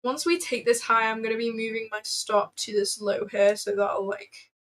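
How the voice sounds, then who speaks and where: A woman's voice: a little high, fairly even intonation, moderate pace. A woman hosting a casual trading livestream, chatting freely with lots of fillers and answering viewers as she goes. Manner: chatty, filler-heavy, answers chat aloud.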